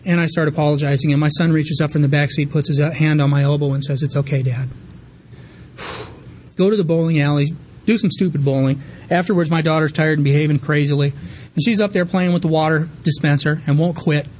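Fast-talking man sharing his recovery story. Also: fairly high pitch, fairly even intonation, darkish tone. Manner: candid, rambling with fillers and restarts. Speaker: recovery meeting speaker.

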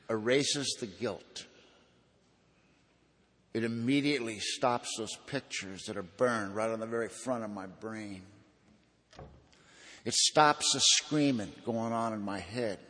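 A man's voice: fairly low pitch, fairly bright tone, breathy edge, in a large hall. A man giving an earnest personal testimony at a recovery meeting, in a folksy storytelling manner.

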